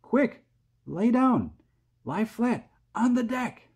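A man voicing James, an eager young boy who talks excitedly and with urgency. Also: mid-range voice, normal speed, slightly rough, pitched above the performer's own voice. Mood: urgent.

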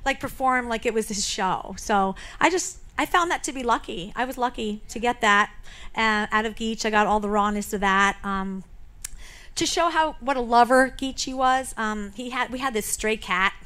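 A woman speaking as a memorial speaker, telling personal stories in a chatty, halting way full of fillers and restarts. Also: fairly high pitch, bright, forceful tone. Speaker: memorial speaker, late comedian's roommate. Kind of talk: personal tribute speech. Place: live show venue.

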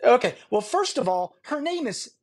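Husky, lively-voiced man arguing hard. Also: very high-pitched, normal speed, no echo. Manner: combative, interrupts, trades insults; insists on exact definitions. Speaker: debater in an online audio room. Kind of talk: heated debate. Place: online voice chat room.

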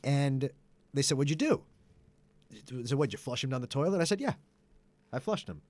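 A man spinning comic anecdotes in a loose, joking chat, his pitch swooping up and down as he builds to the punchline. His delivery leans on straight-faced fibs and bursts of laughter. The sound is close and dry, with no room around it. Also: moderate pace, no room sound. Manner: animated storyteller, deadpan liar, laughs at own jokes. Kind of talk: casual comedic chat. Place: studio.

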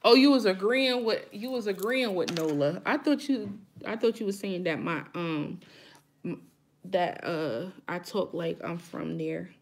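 A woman's voice: lowish voice, measured pace, creaky. A woman hosting a live chat with her viewers, talking frankly and emphatically straight to them.

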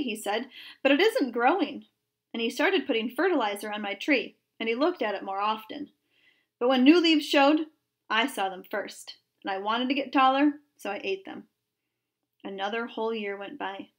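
A woman teacher reads a children's story aloud with expressive storytelling. Her voice is on the high side.

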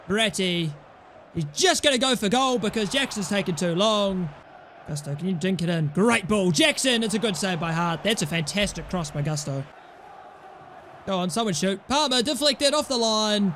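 A man giving live commentary over his football video game, swinging between quick play-by-play and swearing rants at his players. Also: high voice, a bit bright, slight background noise. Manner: exasperated, swearing, talks to the game. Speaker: gaming YouTuber.

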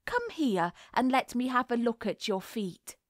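A woman's voice: on the high side, sing-song, unhurried, no room sound, clean studio sound. A woman voicing a condescending, affected middle-aged society mother greeting a child in a storybook reading. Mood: patronizing.

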